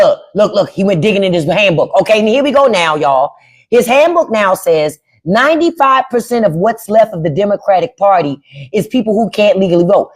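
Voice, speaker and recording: A woman hosting a livestream, ranting with sarcastic, profane commentary. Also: medium pitch. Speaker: livestream host. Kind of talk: casual livestream rant.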